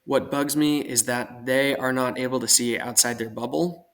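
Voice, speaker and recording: A man's voice: medium pitch, steady tone, normal speed. A man from Oregon, a guest armorer on a podcast, talking in a casual, earnest and reflective way at length. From Portland, Oregon.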